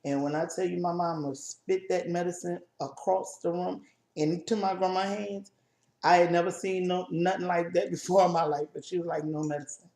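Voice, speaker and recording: A woman co-hosting a casual chat video, telling a personal family story in a halting, emotional way with many restarts. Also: lowish voice, steady tone, mellow, roomy sound. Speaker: co-host.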